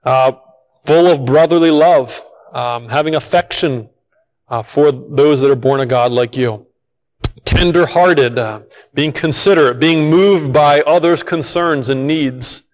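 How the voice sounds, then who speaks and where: Male preacher, conversational teaching tone, rhetorical questions, somewhat high voice. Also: measured pace, big-room sound, low-quality recording. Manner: conversational, asks the listeners questions. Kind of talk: Bible teaching sermon.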